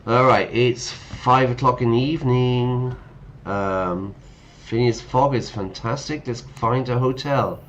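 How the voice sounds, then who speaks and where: Unhurried man reading and joking. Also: mid-range voice, highs cut off, slight background noise. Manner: chatty, jokey asides between read lines. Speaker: English teacher. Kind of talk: reading a story game aloud and explaining words.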